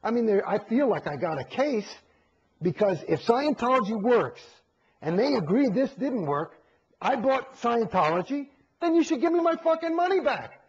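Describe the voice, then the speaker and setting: A middle-aged man with a husky, fairly high voice, swearing freely as he tells his story. He lurches between loud outbursts and low mutters and acts out the voices of other people. The recording sounds dull and lo-fi. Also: moderate pace. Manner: profane, animated, acts out quotes. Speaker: interview guest. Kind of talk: candid interview storytelling.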